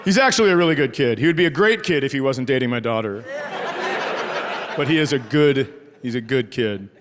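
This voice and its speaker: This time the rural Minnesota comedian speaks at medium pitch, fairly quickly and with lively intonation. His family stories are profane and sarcastic, delivered live to an audience whose loud laughter adds to the background noise.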